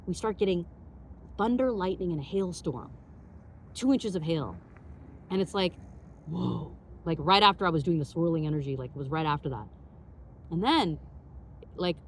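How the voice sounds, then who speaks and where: A woman hosting her own show, telling a personal story in an animated way, full of "like" fillers and acted-out dialogue. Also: lowish voice, a little hiss or hum. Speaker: podcast host.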